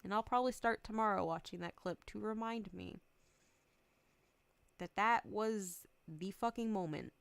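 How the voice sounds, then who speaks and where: A woman's voice: medium pitch, normal speed, creaky, clear, resonant tone, dry recording. A woman in her twenties chatting candidly on a stream. She swears freely, laughs often and acts out both sides of the conversations she retells. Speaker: VTuber streamer. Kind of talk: casual chat stream.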